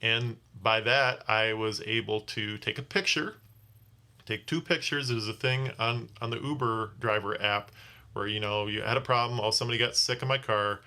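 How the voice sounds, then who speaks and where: A man's voice: fairly low pitch, moderate pace, pushed and bright. A tired man telling a casual vlog story as a rideshare driver, rambling and often restarting his sentences. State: tired from little sleep.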